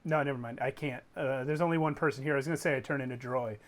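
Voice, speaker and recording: A man playing a tabletop game, chiming in with quick, eager interjections. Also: medium pitch, steady tone. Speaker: player.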